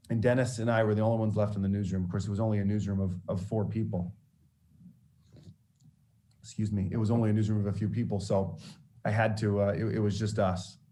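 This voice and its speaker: A man in his forties, a TV sports reporter, telling career stories to students in an animated, anecdotal way with frequent restarts. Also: on the low side. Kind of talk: storytelling motivational talk.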